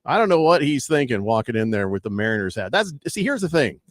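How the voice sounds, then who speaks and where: A man hosting a sports talk radio show, reading listener texts aloud and riffing in animated banter. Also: medium pitch, fast, no echo, studio quality.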